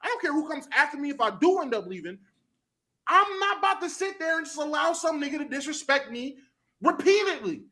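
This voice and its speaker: Lively bright-voiced man ranting. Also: very high-pitched, a little fast. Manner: animated, profane, swings from loud to mumbled. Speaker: streamer host. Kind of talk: casual rant.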